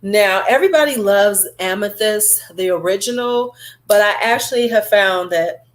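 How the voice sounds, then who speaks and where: A woman talks through her perfume and lipstick collection in a loose, chatty vlog. Her voice sits at a middle pitch, and she rambles with fillers and side comments. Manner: chatty and animated, drawn-out fillers. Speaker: beauty vlogger. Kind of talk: casual beauty review chat.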